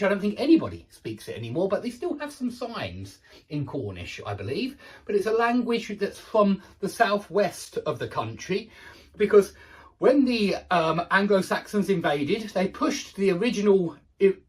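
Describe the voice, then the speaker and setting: A man teaching English vocabulary in an online lesson, explaining phrases patiently with frequent restarts and "um"s. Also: sits high. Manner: explains slowly with many restarts and "um"s; checks in with "okay?" and "yeah".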